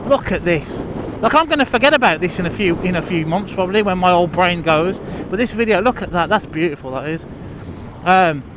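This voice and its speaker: A man's voice: high voice, animated, fairly quick, noisy background. A man vlogging while out riding a bike on country lanes, chatting in a rambling, self-deprecating way with lots of restarts and fillers. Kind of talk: casual rambling monologue.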